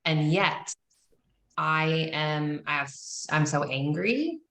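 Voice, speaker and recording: A woman speaks slowly in a very low voice, sharing something personal in a halting way with many pauses. Her voice echoes around the room she is in. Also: lively intonation, a bit bright, a little hiss or hum. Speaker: call member sharing.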